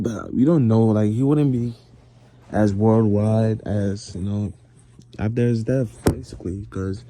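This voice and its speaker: Man, sleepy late-night bedroom monologue, very mellow and dark, rambling and drowsy. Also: medium pitch, a little hiss or hum. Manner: rambling and drowsy, drifting into near-whispers. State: sleepy, yawning. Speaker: vlogger. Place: bedroom, lying in bed.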